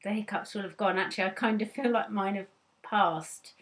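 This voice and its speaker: Woman vlogger, casual how-to chat, hiccuping, mid pitch. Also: steady tone, fairly quick, a bit bright. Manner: chatty, laughing, a little hesitant. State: has hiccups.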